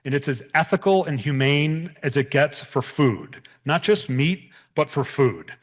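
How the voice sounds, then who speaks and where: A man's voice: on the high side, lively intonation, measured pace. A man in his thirties, a bison rancher giving a public talk, earnest and prone to restarts and repeated words. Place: event hall.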